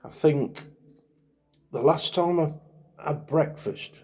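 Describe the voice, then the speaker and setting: A man's voice: a little high, slow pace, darkish tone, husky. A middle-aged man, telling wry rambling stories in a casual chat to camera. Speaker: vlogger.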